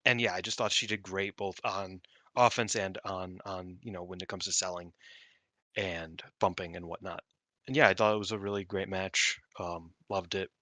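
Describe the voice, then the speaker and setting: Recorded dry, this man's lowish voice has a sharp tone. As a podcast co-host he rambles through casual chat, heavy on fillers, with a swear word here and there.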